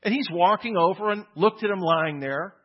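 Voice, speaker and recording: A man's voice: high voice, normal speed, highs cut off. A man preaching a conversational, emphatic sermon, often repeating words as he builds a point. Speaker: pastor.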